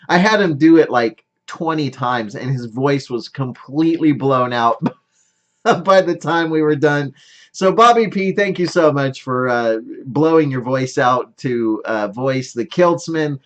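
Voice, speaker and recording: A man's voice: a little high, unhurried. A middle-aged man casually talking through one of his sculptures, rambling with many fillers and self-deprecating humor. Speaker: sculptor showing his work. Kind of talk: casual show-and-tell vlog.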